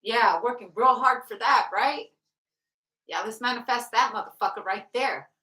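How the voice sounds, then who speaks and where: A woman's voice: fairly high pitch, normal speed, sharp tone. A woman giving a casual tarot reading, blunt and profane, often breaking into laughter. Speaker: tarot reader. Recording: roomy sound from off the mic.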